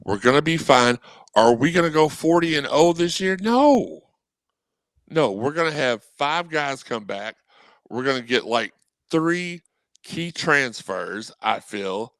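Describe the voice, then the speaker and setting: A man on a podcast as a guest, talking sports in a rambling, animated way. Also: a little high, measured pace, no echo. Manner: animated, rambling, quotes people in voices. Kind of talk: casual sports talk.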